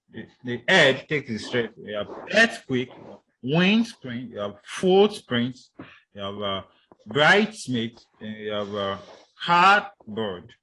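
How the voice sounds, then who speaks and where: Halting male lecturer drilling stress. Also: lowish voice, pushed and bright, a little hiss or hum. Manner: hesitant, many fillers and restarts, repeats words for drill. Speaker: instructor. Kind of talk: recorded lecture.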